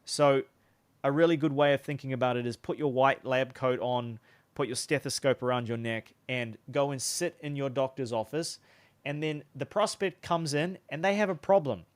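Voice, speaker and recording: A man's voice: mid-range voice, moderate pace. A man coaching on sales in a conversational, instructional way, demonstrating different tones of voice. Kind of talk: casual instructional talk.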